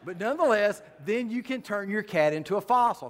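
A man's voice: high voice, lively intonation, fast talker, hardly any pauses. Folksy joking man in a reverberant hall. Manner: folksy, joking, dry punchlines. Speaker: creation science speaker. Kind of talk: humorous lecture with slides.

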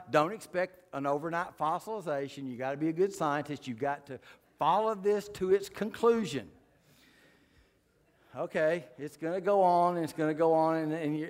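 A man giving a folksy, joking lecture with slides to a live audience, delivering dry punchlines. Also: fairly high pitch. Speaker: creation science speaker. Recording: long hall reverb.

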